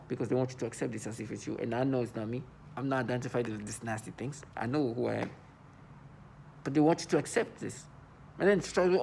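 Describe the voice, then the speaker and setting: Gravelly man in an agitated monologue. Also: mid-range voice, fast talker, a little mellow, slight background noise. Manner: agitated, stammering repetitions. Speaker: vlogger. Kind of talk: monologue to camera.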